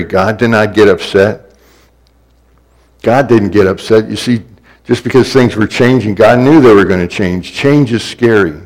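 A man's voice: fairly low pitch, unhurried, low-quality recording. A man preaching a sermon in a repetitive, building cadence that swells in places.

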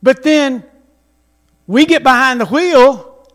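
A man's voice: extremely high pitch, expressive, slow, a bit bright. A man preaching a sermon as pastor, telling stories with emphasis and calling on the congregation to respond.

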